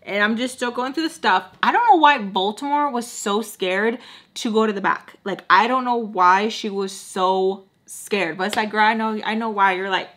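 A young woman telling a storytime at home while doing her makeup. She talks in a chatty, animated way, leans on "like," and repeats phrases for emphasis. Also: medium pitch, normal speed. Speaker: storytime vlogger. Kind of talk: casual storytime chat.

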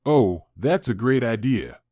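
A man voicing a gentle, sly, bedridden older mother in a storybook reading. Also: mid-range voice, lively intonation, a little slow, no room sound, clean studio sound. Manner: soft, hopeful.

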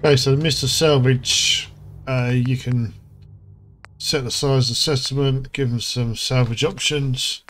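A man's voice: mid-range voice, fairly even intonation, unhurried, fairly bright tone, slight background noise. A man, hosting a casual gameplay commentary, chatty and rambling, with lots of fillers and asides. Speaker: gaming channel host. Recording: music playing underneath.

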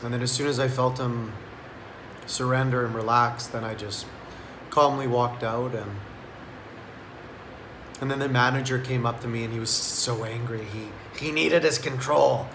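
A man's voice: medium pitch, steady tone, normal speed, reverberant, noisy background. A man telling a story in a casual vlog, laid-back and rambling, with lots of "like". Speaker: vlogger.

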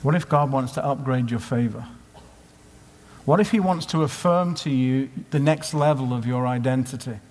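A man's voice: mid-range voice, normal speed, darkish tone, slight background noise. A man preaching at a conference in a conversational way, asking many rhetorical questions. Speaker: conference speaker. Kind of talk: sermon. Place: conference hall. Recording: live hall with long reverb.

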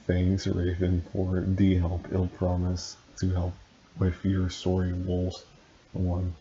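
A man reading fan fiction aloud in a deadpan way, with dry asides and stumbles over words. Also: deep voice, takes it slowly. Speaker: reader and commentator. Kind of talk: comic read-aloud of fan fiction with commentary. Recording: dull lo-fi sound, faint hiss.

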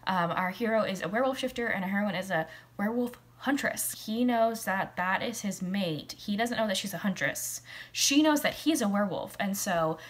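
A young woman in her early twenties with a light Southern accent, chatting casually about books. She giggles often and strings her thoughts together loosely with plenty of "like" and "you know". Her voice sits at an everyday middle pitch. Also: animated, moderate pace. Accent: light urban Southern US. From southern United States. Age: early 20s. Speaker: book vlogger. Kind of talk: casual chat.

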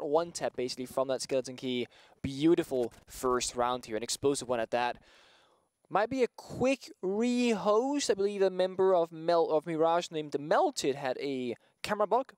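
Chatty high-voiced esports analyst man. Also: darkish tone, dry recording. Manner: chatty, explanatory. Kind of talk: color commentary.

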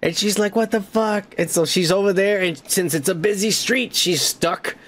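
A man's voice: high-pitched, moderate pace, fairly bright tone, slightly rough. A man hosting a comedy podcast, telling a rambling story in a profane, laughing, casual way. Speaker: podcast host.

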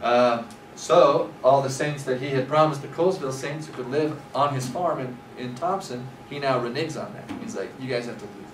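This scripture class leader speaks at normal speed in a medium pitch, barely pausing as he conversationally relates the history, sprinkling in fillers. He's far from the microphone, so the audio sounds distant, roomy, and noisy.

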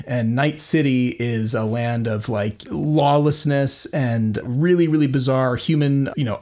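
A man of middle pitch hosts a relaxed podcast chat. He leans on fillers and hedges as he talks. He lays out his topic in a loose, meandering way. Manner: loose, filler-heavy, hedging, stretches words. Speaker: podcast co-host. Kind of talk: casual chat.

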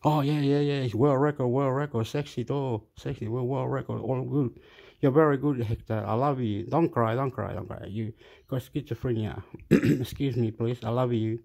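A man's voice: medium pitch, steady tone, moderate pace, gravelly, dark tone. Rambling man talking into a phone. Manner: scattered, self-interrupting, repeats phrases. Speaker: vlogger reacting to news. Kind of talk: rambling casual monologue. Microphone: phone held in hand.

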